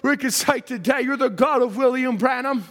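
A male preacher delivering a fervent sermon, telling a story and shouting exhortations, heard with a long church reverb. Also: extremely high pitch, normal speed.

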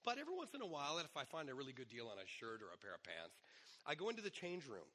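A middle-aged male pastor preaching a sermon, hoarse today, in a conversational way with asides. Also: medium pitch, wildly swooping pitch, rapid-fire, a bit bright.

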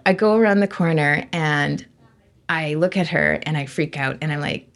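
A woman guest on an interview show, telling a personal story in an animated, expressive way full of "like" and acted-out quotes. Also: sits low, normal speed. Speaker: guest, intuitive medium.

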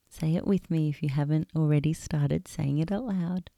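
A woman leading a guided meditation, speaking in a gentle, soothing and unhurried way with long pauses. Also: sits low, gravelly, no echo, clean studio sound. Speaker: meditation guide and podcast host.

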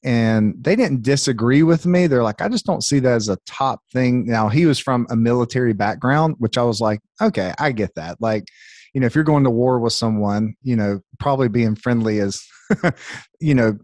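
A man's voice: medium pitch, moderate pace, darkish tone, dry recording. Southern US male podcast host; chatty, filler-heavy, friendly delivery; dry recording. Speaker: podcast host and business leader. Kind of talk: casual podcast conversation.

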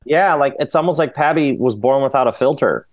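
A man talking as a podcast guest, rambling and animated, often laughing as he goes. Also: medium pitch, a little fast, no room sound. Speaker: author and guest. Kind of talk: casual podcast conversation.

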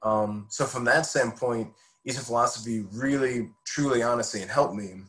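A man's voice: mid-range voice, normal speed, a bit bright, low-quality recording. A man in his twenties, a podcast guest, telling his faith story in an earnest, heartfelt way. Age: 20s. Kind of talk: personal faith testimony.

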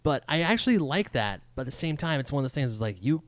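A man in a casual podcast chat about a film, his voice at an everyday middle pitch. He talks in an animated way and slips into quoted voices to replay scenes. The sound is dry and close, with no room around it. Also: fast talker, no room sound.

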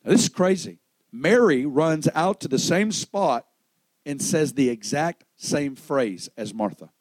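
A man preaching a sermon, dramatic, swinging between loud exclamation and hushed storytelling, acting out the dialogue in the stories he tells. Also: fairly high pitch, lively intonation, moderate pace, no echo.

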